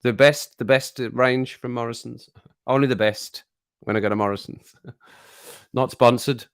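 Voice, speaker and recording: This Birmingham-accented host, a middle-aged Englishman, chats casually with his livestream viewers, rambling, joking and frequently chuckling. He speaks unhurriedly in a clear, resonant, mid-range voice with a steady tone.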